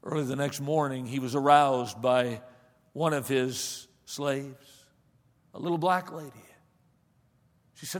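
Male preacher, sermon storytelling, dramatic loud-soft delivery, long hall reverb. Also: medium pitch, slow pace, pauses often.

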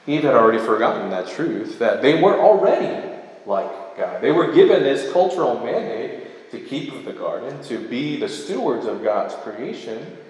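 A man delivering a sermon, reading scripture aloud and pausing after each verse to unpack it. His voice sits at an ordinary male pitch. It rings through a large, very echoey hall with a long tail of reverb. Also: big pitch swings, a little mellow. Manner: reads verses aloud, then pauses to explain them line by line. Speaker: preacher.

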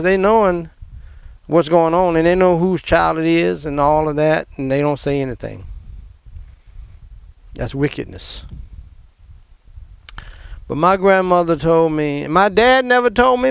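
Man, middle-aged, high gravelly voice, emotional storyteller. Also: no room sound. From American South. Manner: emotional, animated, laughs often. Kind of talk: personal storytelling.

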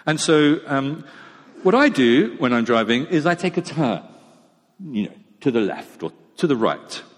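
A man's voice: mid-range voice, sing-song, a little slow. A middle-aged man, preaching a sermon in a chatty, self-mocking storytelling way. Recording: long echo of a large hall.

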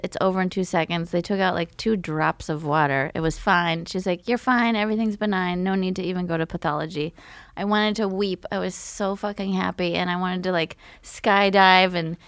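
A woman's voice: on the low side, fairly even intonation, normal speed, clear, resonant tone, dry recording. A young adult woman hosting a comedy podcast, telling candid stories and acting out quoted voices. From raised by a Russian mother. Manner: candid, storytelling with acted-out quotes. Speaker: podcast host. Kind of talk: casual comedic chat.

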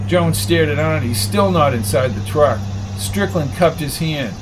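A man reads a mystery audiobook in an even, measured narration. His voice sits a little high. A faint hum stays under the reading. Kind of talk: scripted narration.

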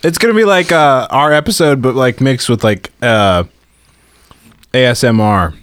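A man's voice: mid-range voice, normal speed, a bit bright, clean tone, no room sound. A man in casual podcast chat, laid-back and laughing often, full of filler words, talking while he eats. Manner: talks while eating. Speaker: musician guest.

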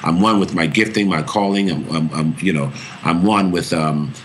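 A man's voice: low voice, normal speed, slight background noise. A man, an actor, giving a thoughtful and earnest interview answer about his voice, often restarting his phrases as he searches for words.

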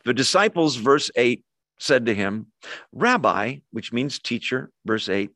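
A man's voice: medium pitch, animated, measured pace, a bit bright, dry recording, studio quality. A man preaching to a congregation in a conversational way, often asking the room questions. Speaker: pastor. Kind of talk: sermon. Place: church hall with a live congregation.

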